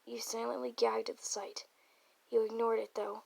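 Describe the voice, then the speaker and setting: A woman's voice: on the high side, level tone, normal speed, creaky, a little mellow, low-quality recording. A woman reading a fanfic aloud, stumbling over words and dropping offhand side comments.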